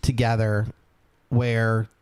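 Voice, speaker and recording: A middle-aged man co-hosting a livestream, dropping deadpan wisecracks. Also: on the low side, slow pace, smooth. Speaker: co-host. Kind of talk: casual livestream reaction chat.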